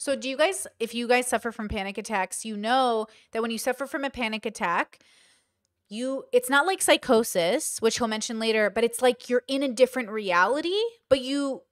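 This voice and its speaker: A woman's voice: a little high, normal speed, no room sound, studio quality. A woman hosting a commentary channel, telling a personal story candidly in casual talk and acting out quoted lines.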